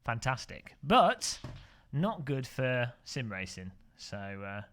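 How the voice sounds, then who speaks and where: A man's voice: medium pitch, big pitch swings, takes it slowly, a bit bright. A man from England, chatting casually on a sim racing live stream, rambling and joking as he corrects himself.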